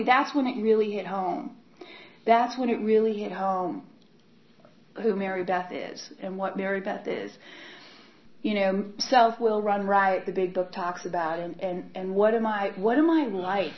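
A woman giving a candid personal testimony about her recovery, talking in a halting way with many repeats and fillers. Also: medium pitch. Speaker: speaker sharing her recovery story. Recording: dull lo-fi recording.

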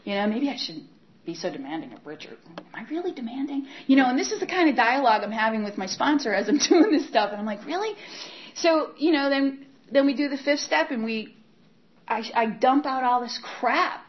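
A woman giving a candid personal testimony about her recovery, talking in a halting way with many repeats and fillers. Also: fairly high pitch, expressive. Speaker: speaker sharing her recovery story. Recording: dull lo-fi recording.

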